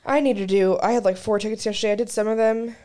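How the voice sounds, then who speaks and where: A woman's voice: mid-range voice, steady tone, fast, mellow. A young woman co-hosting a podcast in casual chat, with a dry, wry way of telling stories and laughing through them. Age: young adult. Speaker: podcast co-host.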